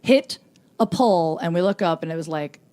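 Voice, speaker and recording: A woman telling a long, animated story as a guest on a comedy podcast. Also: on the low side, normal speed, very noisy. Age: 20s. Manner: animated storyteller who acts out shouted quotes.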